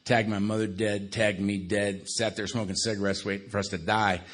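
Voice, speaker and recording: A man in his sixties from Los Angeles telling his recovery story at an AA meeting, with wry dark humor, conversational tag questions, and a quieter, subdued delivery for grave memories. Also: on the low side, flat delivery, moderate pace. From Los Angeles, USA. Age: 60s. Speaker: AA speaker. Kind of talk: recovery talk to a live audience.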